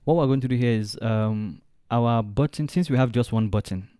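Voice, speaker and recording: A man walking through a design software tutorial step by step, thinking aloud as he clicks along. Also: mid-range voice, moderate pace, clean tone, no echo, clean studio sound. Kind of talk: screen-recorded software tutorial.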